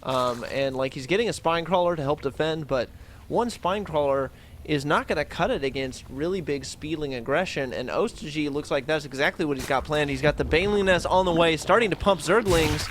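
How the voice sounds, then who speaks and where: A man doing quick, excitable play-by-play commentary on a strategy game match. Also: a little high, slight background noise. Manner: quick, excitable, rises on big plays. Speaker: esports caster.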